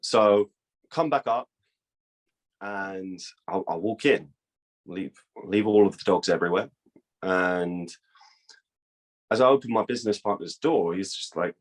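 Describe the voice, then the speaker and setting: A man's voice: low-pitched, measured pace, long pauses. A young man telling a long story in casual, profane talk, acting out the voices of people in it. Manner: profane, animated, acts out quoted dialogue. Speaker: guest.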